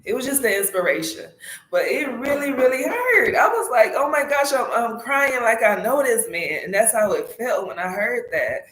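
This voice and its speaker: Woman vlogging in echoey room. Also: fairly low pitch. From South Carolina. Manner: animated, emotional storytelling with frequent swearing. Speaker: motorcycle vlogger. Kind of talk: casual chat.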